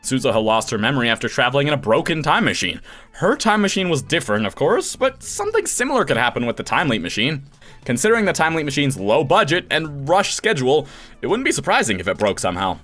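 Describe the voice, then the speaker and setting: A man voice-acting a game playthrough, reading lines theatrically and breaking into laughs and shouts. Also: medium pitch, wildly swooping pitch, quick pace. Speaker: voice actor playing a visual novel. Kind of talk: acted game reading with reactions.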